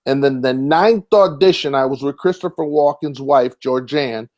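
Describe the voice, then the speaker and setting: A young man, a comedian and actor, telling a rambling, animated story with frequent restarts and casual swearing. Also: medium pitch, normal speed. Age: young adult.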